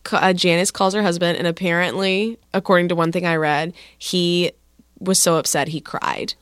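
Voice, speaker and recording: Smooth low-voiced woman telling a story. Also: fairly even intonation, moderate pace, no room sound, studio quality. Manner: wry, breezy retelling with sarcastic quoted voices. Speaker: podcast storyteller. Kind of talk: casual true-crime chat.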